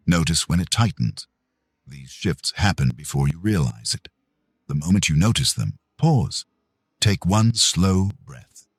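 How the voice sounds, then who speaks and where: A man reading a self-help audiobook in a slow, measured, calm scripted narration. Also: deep voice, husky, dry recording.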